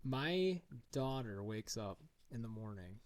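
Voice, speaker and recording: A man in his thirties telling a story on a casual podcast, acting out the voices of the people in it. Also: takes it slowly. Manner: animated storyteller, acts out his daughter in a high voice. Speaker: podcast co-host. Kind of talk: casual chat.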